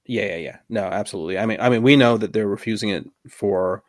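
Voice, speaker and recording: A man's voice: lowish voice, dry recording. Jokey man podcast host, dry close sound. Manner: laughs often, jokey, quick asides. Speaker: podcast co-host, airline operations worker. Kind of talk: casual chat.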